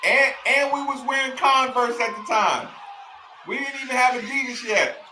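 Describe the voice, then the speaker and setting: A man's voice: very high-pitched, moderate pace, reverberant, background noise. A man talking casually as a host, laughing often and repeating himself while reacting to old game footage. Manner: laughs often, repeats lines, addresses "y'all". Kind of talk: casual chat.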